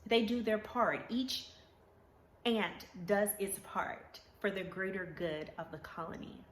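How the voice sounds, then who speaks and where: Brief: unhurried woman vlogger, preachy and earnest, recorded in a roomy space. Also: mid-range voice, slight background noise. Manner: earnest, preachy, repeats for emphasis. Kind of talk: motivational talk to camera. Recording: roomy echo.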